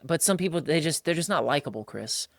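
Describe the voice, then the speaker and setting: A man's voice: on the high side, expressive, brisk, gravelly, dry recording, studio quality. A man co-hosting a casual podcast, talking colloquially, calling people "bro" and mimicking others' voices when he quotes them. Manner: colloquial, calls listeners "bro". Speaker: podcast co-host.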